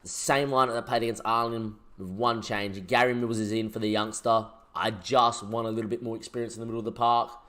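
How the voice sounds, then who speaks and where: A man, commentating his own football management game as a let's play, shouting when goals go in. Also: fairly low pitch, flat delivery, brisk, hardly any pauses. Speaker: gaming YouTuber.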